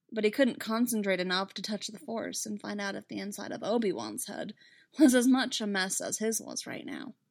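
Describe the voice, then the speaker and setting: A woman narrates a story aloud in an even, steady reading manner. Her voice sits at a middle pitch. She keeps a plain, measured delivery through the narration. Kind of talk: fan fiction read aloud.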